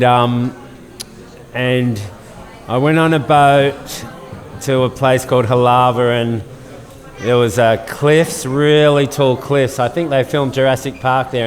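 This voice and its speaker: A man in his fifties with an Australian accent, telling a story casually with many fillers and restarts. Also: medium pitch. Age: 50s. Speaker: guest storyteller. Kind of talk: casual storytelling at a live event. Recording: long hall reverb.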